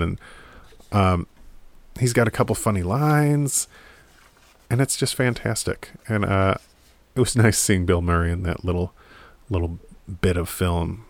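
Deep-voiced man rambling about movies. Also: a little slow, pauses often, no room sound. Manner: rambling, irreverent, laughs often, swears casually. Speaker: movie commentator. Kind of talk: casual movie chat to camera. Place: home room in front of a DVD rack.

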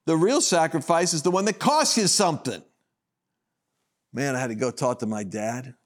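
A man minister giving a personal testimony on a broadcast, acting out the dialogue as he tells it, with loud high bursts and low quiet asides. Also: moderate pace. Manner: acts out quoted dialogue in his telling.

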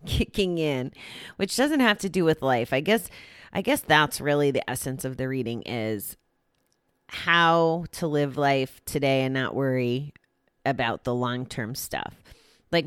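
Low-voiced woman musing on her recovery. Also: smooth, no room sound, studio quality. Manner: candid and rambling, many restarts and "like". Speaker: recovery vlogger sharing a daily reading. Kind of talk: reading aloud then casual reflective talk.

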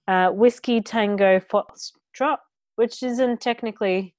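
A woman co-hosting a podcast in casual chat, easygoing and quick to giggle. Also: a little high, no room sound. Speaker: podcast co-host.

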